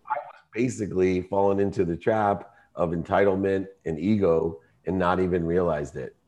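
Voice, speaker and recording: Male guest, deep voice, passionate and emphatic storytelling. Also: fairly even intonation, normal speed, muffled recording. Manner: emotional, emphatic, rising to shouting in quoted arguments. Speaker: entrepreneur guest. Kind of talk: storytelling in an interview.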